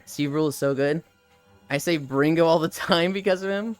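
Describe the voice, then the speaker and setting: Streamer on a walk, rambling chat, smooth and dry, faint music behind. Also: mid-range voice, moderate pace, dry recording. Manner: rambling, laughing, swears casually. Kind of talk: casual chat with live stream viewers. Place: outdoors walking.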